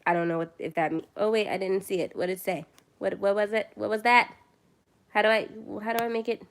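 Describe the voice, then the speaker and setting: A woman's voice: mid-range voice, fairly even intonation, fairly quick. A young woman chatting casually on her first phone livestream, tired late at night, rambling and self-deprecating.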